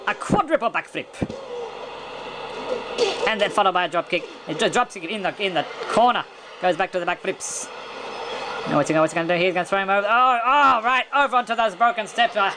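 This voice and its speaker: A man giving excitable play-by-play commentary on a video game wrestling match, chuckling and stumbling over his words, his voice jumping high at big moves. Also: fast talker, noisy background.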